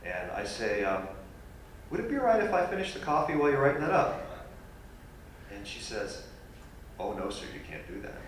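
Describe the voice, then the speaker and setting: A man telling a funny personal story as a guest speaker at a university lecture, animated and self-deprecating. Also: medium pitch, moderate pace, long pauses, slight background noise. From New York. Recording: echoey hall recorded from far off.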